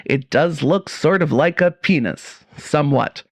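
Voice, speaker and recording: A woman voicing a blustering middle-aged male army colonel who speaks slowly and pompously. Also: low voice, no room sound. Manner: slow, commanding.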